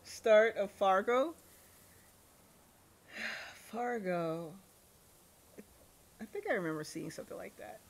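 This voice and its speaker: A woman in her thirties streams a game and chats casually as she plays. Her speech is slow and unhurried, mid-pitched, giggly, and full of talking to herself. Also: vocal fry, slight background noise. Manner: chatty, giggly, self-talking. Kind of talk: casual gameplay commentary.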